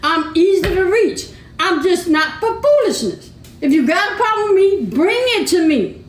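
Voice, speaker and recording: A woman's voice: extremely high pitch, expressive, moderate pace. A woman, co-hosting a casual chat and speaking her mind bluntly and emphatically, often laughing. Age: 50s. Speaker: podcast co-host. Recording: echoey room.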